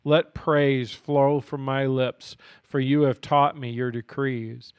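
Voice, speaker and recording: Man, scripture reading, earnest, unhurried, scratchy throat, voice going, smooth tone, dry close mic. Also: medium pitch, steady tone, no room sound, dull audio. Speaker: Bible reading podcast host. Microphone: studio mic.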